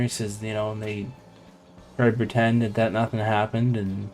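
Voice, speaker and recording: A man's voice: fairly low pitch, little pitch movement, normal speed, a little mellow, faint music behind. A man hosting a live game stream, telling a long, digressive story in casual chat while he plays. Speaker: live stream gaming host.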